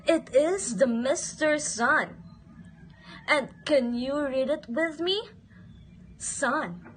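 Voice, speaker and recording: A woman's voice: high-pitched, fairly bright tone, a little hiss or hum. A woman teaching a phonics lesson to young children, asking questions and having them repeat words in a sing-song way.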